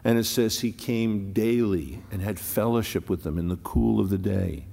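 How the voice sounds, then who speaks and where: A pastor preaching a sermon, moving from loud declaring to hushed near-whispers and slowing down to lean on key words. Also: male voice, fairly low pitch, creaky, in a large hall. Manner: slow deliberate phrasing on key words.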